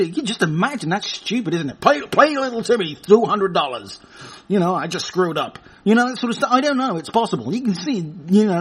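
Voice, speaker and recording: A man with a husky, breathy voice, pitched high for a man, rambles through the news as a podcast host. He jumps between crude jokes and asides, and his pitch swings widely up and down as he talks. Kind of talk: casual comic news chat.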